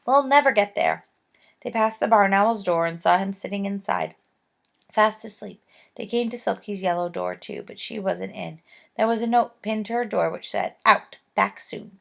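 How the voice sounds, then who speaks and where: A woman reading a children's book aloud with gentle, expressive storytelling. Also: mid-range voice, normal speed, creaky. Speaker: reader.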